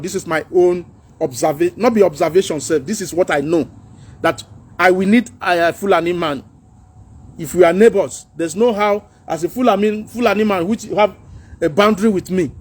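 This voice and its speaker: Man, Nigerian accent, middle-aged, livestream host, preachy and earnest, mixes in pidgin, raspy, high pitched. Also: a little mellow. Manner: earnest, preachy, mixing pidgin, laughs at his own jokes. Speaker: social media livestream host. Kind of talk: casual political talk livestream.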